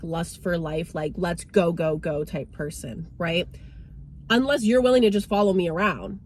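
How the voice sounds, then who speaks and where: A woman's voice: on the low side, a little mellow, slight background noise. A young woman talking casually and frankly to her viewers as a vlogger, with lots of "like" and "right?". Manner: chatty, frank, repeats "like" and "right?". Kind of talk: casual motivational talk to camera.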